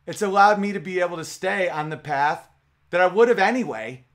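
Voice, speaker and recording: A man's voice: high voice, animated, a little fast, fairly bright tone. A man in his thirties hosting a podcast, speaking in a heated, emotional monologue full of swearing. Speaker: podcast host.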